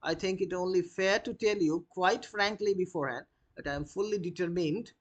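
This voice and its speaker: A man reading a forward, proper young society woman's lines, his voice lifted higher than his usual talk. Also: fairly quick, lo-fi sound. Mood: prim, forward. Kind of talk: reading a play aloud in class.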